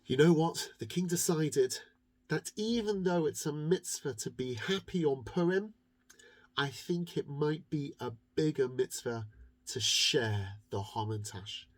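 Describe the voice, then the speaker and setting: Children's storyteller, very lively swooping delivery, drawn-out words. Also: medium pitch. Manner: lively, expressive, draws words out for effect. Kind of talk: animated children's story telling.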